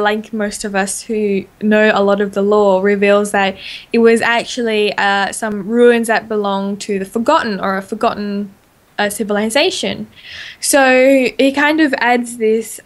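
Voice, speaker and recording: A woman with an Australian accent, co-hosting a podcast and chatting excitedly about game lore with plenty of fillers. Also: fairly high pitch. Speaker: podcast co-host. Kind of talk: casual podcast chat.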